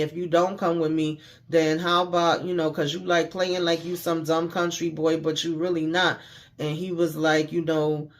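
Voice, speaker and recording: A man giving a casual, slangy recap of a TV episode, retelling scenes by quoting the characters with mild cursing. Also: on the high side. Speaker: TV show recapper.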